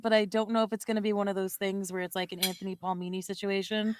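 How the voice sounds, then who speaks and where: A woman's voice: mid-range voice, level tone, quick pace, hardly any pauses, clean tone, no echo. A young woman co-hosting a podcast, chatting casually in a rambling, giggly way and correcting herself often. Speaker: podcast co-host. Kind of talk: casual chat.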